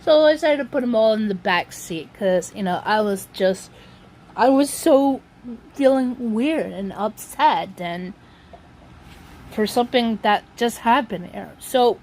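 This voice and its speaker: A woman's voice: mid-range voice, animated, a little slow, a little mellow, a little hiss or hum. A woman vlogger telling a long story in a casual, rambling way, often circling back with "so anyway".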